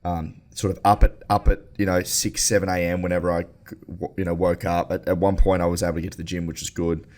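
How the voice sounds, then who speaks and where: A deep-voiced man hosts a podcast in an unhurried, laid-back way. He chats casually, sprinkling in swearing as he recounts his week. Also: little pitch movement, darkish tone. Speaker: podcast host. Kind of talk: casual chat.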